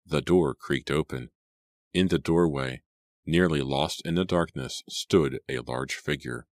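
A man narrating a horror audiobook in a measured, suspenseful read on a close mic. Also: very deep voice, dry recording.

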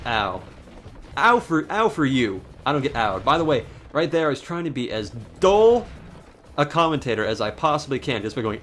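A man giving profane, sarcastic, excitable commentary over his own gameplay. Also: medium pitch, moderate pace, slight background noise. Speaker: gaming commentator. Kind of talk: let's play commentary.

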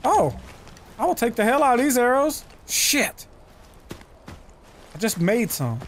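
A man giving casual, profane let's-play commentary, talking to himself and to the game and breaking into loud excited yells. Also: very high voice, measured pace, slight background noise. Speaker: gaming channel host.

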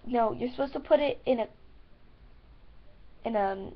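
Chatty American woman with vocal fry. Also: on the high side, unhurried, muffled recording. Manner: chatty, giggly, playfully teasing. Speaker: vlogger. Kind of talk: casual talk to camera.

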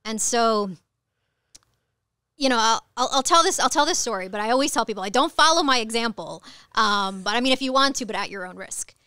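A woman in her thirties from Ecuador, a cannabis attorney, speaking as a podcast guest in candid conversational storytelling, frank and animated, swearing casually. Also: fairly high pitch, fairly quick, clean tone, dry recording, clean studio sound.

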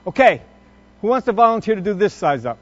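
A middle-aged man with a New York accent, lecturing a class of firefighters and quizzing them with quick questions. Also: high voice, very animated, very noisy. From Long Island, New York. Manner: quizzing the audience with rapid questions. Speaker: fire service instructor. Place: conference lecture room. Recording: dry, dull lo-fi sound.

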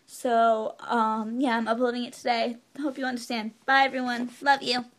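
A woman's voice: fairly high pitch, little pitch movement, normal speed. A young woman chatting casually as a beauty vlogger, gushing about her favorite products. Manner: bubbly, gushing. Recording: echoey room, voice a bit far from mic.

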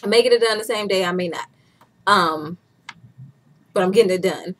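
A woman's voice: medium pitch, moderate pace, fairly bright tone. A woman in her twenties chatting candidly as a vlogger, laughing often as she talks. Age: 20s. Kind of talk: casual chat.

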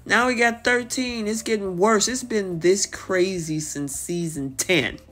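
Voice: medium pitch, soft background music. A reality TV recap host talking casually and animatedly, often acting out the cast's lines with lots of "you know" fillers. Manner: animated, acts out the cast's lines in quick bursts.

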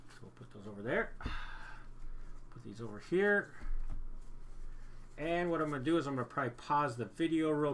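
Man, card break host, bright tone, upbeat chatter, repeats himself. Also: medium pitch, slight background noise. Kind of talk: casual card-opening commentary.

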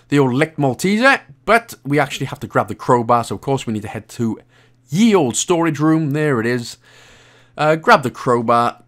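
A man's voice: medium pitch, fairly bright tone. Chatty Welsh man narrating a game guide. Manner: chatty, jokey, laughs often. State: out of breath. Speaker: game walkthrough host. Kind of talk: casual gameplay commentary.

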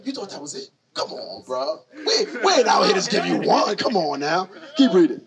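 Man preacher, high voice, slangy back-and-forth with listeners, distant mic, crowd noise. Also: huge pitch swings, normal speed, gravelly. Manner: slangy and conversational, quizzing listeners. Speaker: preacher teaching scripture. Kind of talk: street teaching with call-and-response.

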